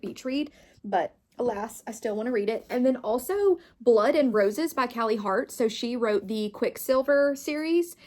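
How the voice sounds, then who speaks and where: A young woman chatting casually as a book vlogger, bubbly and gushing, with lots of fillers. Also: a little high. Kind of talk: casual chat.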